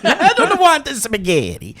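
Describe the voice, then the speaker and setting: A man voicing a bouncy cartoon Italian plumber hero with squeaky, shouted exclamations. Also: wildly swooping pitch, measured pace, full character voice. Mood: whiny.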